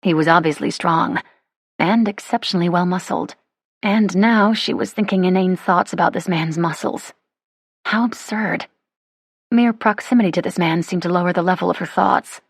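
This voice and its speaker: A woman reads an audiobook in a measured, wry way. Her voice is low and husky. It is close-miked and dry, with no room sound. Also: no room sound. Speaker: audiobook narrator. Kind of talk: scripted narration.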